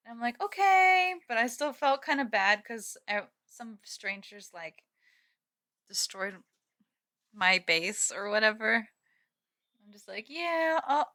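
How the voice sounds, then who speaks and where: A chatty young woman streaming live from her kitchen, giggling often as she talks to her viewers. Her voice is bright and a little high, picked up by a webcam mic. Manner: giggly, chatty, reads chat aloud. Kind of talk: casual live-stream chat.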